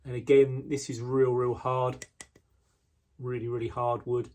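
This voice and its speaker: A male craftsman walks through his handmade knives in a laid-back, unhurried way, pausing often with ums and restarting his sentences. His voice sits at an ordinary middle pitch for a man. He is talking indoors in his workshop. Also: flat delivery, darkish tone. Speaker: knife maker. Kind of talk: casual product walkthrough.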